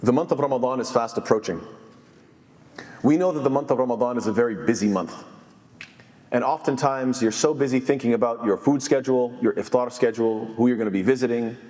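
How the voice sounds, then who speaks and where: Earnest preacher in an echoing hall. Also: male voice, mid-range voice, a little fast, a little mellow. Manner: earnest, quotes Arabic scholars then translates. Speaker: imam. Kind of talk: sermon. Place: masjid.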